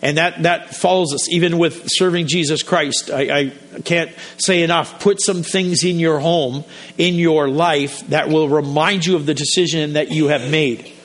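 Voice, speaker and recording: A man's voice: a little high, steady tone, unhurried, fairly bright tone. A man pastor preaching a sermon in a conversational, storytelling way, often restarting his sentences.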